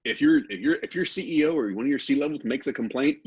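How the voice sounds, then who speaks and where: Husky low-voiced man on a lo-fi mic. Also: quick pace. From Texas. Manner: relaxed, informal, rhetorical questions. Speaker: guest expert. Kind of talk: casual technical explanation.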